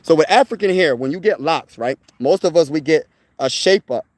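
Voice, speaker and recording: A man's voice: fairly high pitch, expressive, moderate pace, darkish tone, no echo. A young man hosting casual sports talk, emphatic and rambling, tossing in "bro" and "man" as he makes his point to viewers. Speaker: sports channel host.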